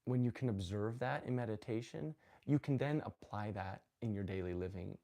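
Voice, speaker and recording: A man's voice: lowish voice, normal speed, creaky. A man hosting a live stream on spirituality, talking casually and earnestly, often restarting his sentences. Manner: rambling, self-correcting, earnest and animated. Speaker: host of a live spiritual talk. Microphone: phone.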